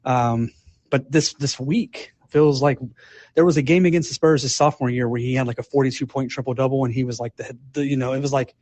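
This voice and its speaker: A man calling in to a live podcast, talking casually in halting, rambling sentences full of fillers. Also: medium pitch, fairly even intonation, a little mellow. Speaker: caller. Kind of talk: casual call-in chat. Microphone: live audio app.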